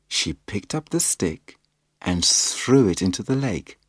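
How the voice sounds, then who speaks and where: A man reading a children's picture book aloud in a slow, expressive storytelling manner. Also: fairly low pitch, breathy edge, no echo, clean studio sound. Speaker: storybook reader.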